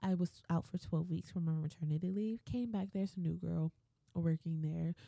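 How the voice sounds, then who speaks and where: A young woman with a dark, gravelly, rather low voice rants on her podcast, swearing freely and mimicking others. The sound is dry and close, like a small home mic setup. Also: steady tone, moderate pace, dry recording. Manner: blunt, swearing, laughing, quotes people in mimicked voices. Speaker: podcast host. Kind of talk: ranting solo podcast.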